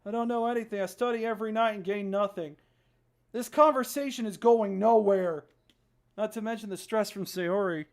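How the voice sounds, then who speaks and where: A streamer reading aloud the lines of a troubled young man from a story game in a plain, flat voice. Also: mid-range voice, normal speed, lightly acted. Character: troubled young man stuck in a time loop.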